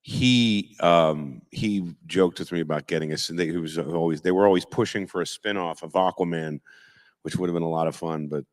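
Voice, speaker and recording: Animated man telling stories on a panel. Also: low voice, moderate pace. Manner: animated storyteller, slips into impressions. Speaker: voice actor guest. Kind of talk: live convention panel Q&A. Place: convention auditorium stage.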